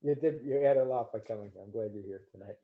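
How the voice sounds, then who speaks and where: Relaxed man teaching meditation, slightly muffled. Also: lowish voice. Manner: relaxed, joking, a little halting. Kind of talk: Dharma class teaching and recited scripture. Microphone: livestream mic. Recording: slightly dull lo-fi stream audio.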